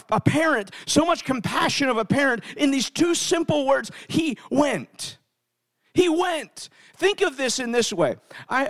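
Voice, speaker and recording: A man's voice: very high-pitched, a bit bright. A middle-aged man preaching a sermon and telling a family story, speaking emphatically and often repeating words as he starts sentences. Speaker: pastor.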